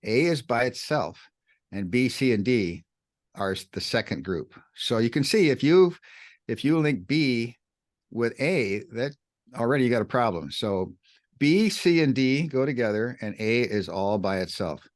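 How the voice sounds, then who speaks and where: A man co-hosting a podcast, teaching the Bible in an animated way, swinging his pitch up and down to stress words. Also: measured pace. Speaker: podcast co-host.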